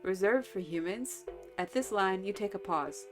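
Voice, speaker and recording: A woman's voice: mid-range voice, lively intonation, moderate pace, music in the background. A woman streaming a visual novel, reading the game text aloud and chatting about it with lots of giggles. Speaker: let's-play streamer.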